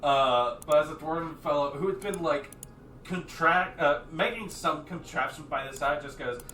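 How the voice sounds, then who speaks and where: A man's voice: a little high, moderate pace, bright, forceful tone, reverberant, far from the mic, a little hiss or hum. A man narrating a tabletop game as game master, rambling with many fillers and restarts.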